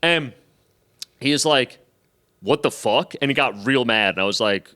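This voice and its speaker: A man's voice: mid-range voice, normal speed, clear, resonant tone. A stand-up comedian, a man, telling a profane, self-mocking story in casual chat, acting out the other people in raised voices. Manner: animated, acts out quotes in raised voices. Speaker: stand-up comedian, podcast guest.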